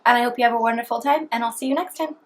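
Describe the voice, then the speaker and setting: This cooking vlogger races through cheerful, chatty talk in her kitchen, eating as she speaks. Her voice runs on the high side, and the recording quality is low.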